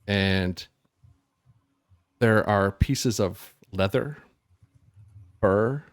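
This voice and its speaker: A man running a tabletop game as game master, describing the scene in a halting, loose way with lots of fillers. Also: lowish voice, dry recording, studio quality.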